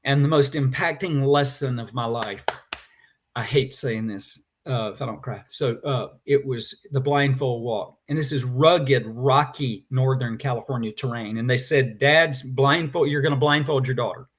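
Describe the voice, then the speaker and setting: A man's voice: medium pitch, measured pace. A man, a guest in a conversation, telling a personal story with feeling and animation.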